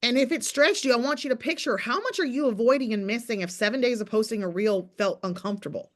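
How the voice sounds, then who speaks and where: Woman in her thirties, business coach, motivational group call, emphatic and teasing, rather high voice. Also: fairly bright tone. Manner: fast, emphatic, preachy pep talk with teasing.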